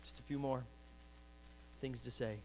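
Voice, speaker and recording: A man preaching a sermon as pastor, urging loudly and then dropping to quiet pleading. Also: mid-range voice, fairly even intonation, a little slow, slight background noise. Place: church sanctuary.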